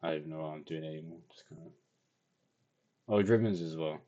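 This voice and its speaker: A man's voice: extremely low pitch, a little fast, dark tone, dull audio. A tired young man, rambling and self-deprecating as he talks through his drawing in a casual video diary. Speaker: vlogger.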